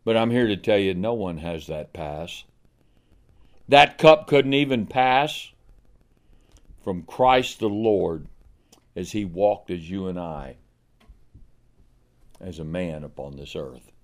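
A man's voice: low voice, expressive, slow, pauses often. A man preaching a sermon. He asks the congregation pointed questions and acts out the figures of scripture. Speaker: pastor.

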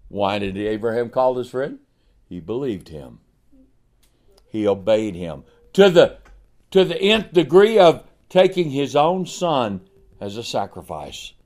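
A man's voice: mid-range voice, darkish tone. A man preaching a sermon. He asks the congregation pointed questions and acts out the figures of scripture. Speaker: pastor.

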